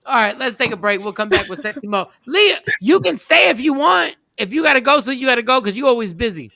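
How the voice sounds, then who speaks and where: A man hosting a morning radio show, joking and telling animated stories in casual banter. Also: extremely high pitch, quick pace, creaky, no echo.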